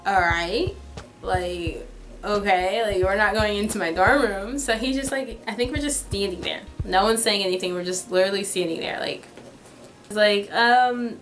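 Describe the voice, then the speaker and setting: A young woman with a medium-pitched, slightly bright voice chats at a moderate pace through a storytime for her viewers. She is dramatic and talkative, saying "like" constantly, and soft music plays in the background.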